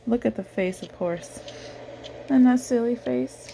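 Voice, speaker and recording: A woman reading a picture book aloud to a child in a gentle, animated way, pausing to ask the child questions. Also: fairly high pitch, vocal fry, slight background noise. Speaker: reader of children's books.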